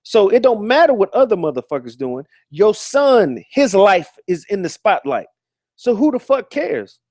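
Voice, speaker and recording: Profane, high-voiced man ranting live. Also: big pitch swings, moderate pace, a little mellow, no echo, studio quality. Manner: profane, combative, mocking; repeats words and restarts often. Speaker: live-stream host. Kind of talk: live-stream rant.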